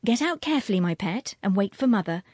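A woman's voice: mid-range voice, lively intonation, fast, darkish tone, breathy edge, no echo, clean studio sound. A woman voicing a busy young mother who soothes and fusses over her children in a storybook reading. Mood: soothing. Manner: soothing, fussing.

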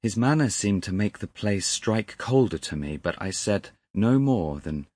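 A man narrating a classic story as an audiobook in a measured, deliberate manner. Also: lowish voice, animated, darkish tone, dry recording, clean studio sound.

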